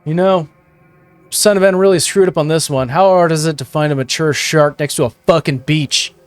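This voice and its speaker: A scornful cloaked cultist, put on by a man running a tabletop game, griping loudly about a colleague's blunder. His voice lifts in irritated complaint. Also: fairly high pitch, fairly even intonation, moderate pace, clean tone, no echo, soft background music, natural voice. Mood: exasperated. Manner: exasperated, raised and complaining. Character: cloaked male cult member, irritated and scornful.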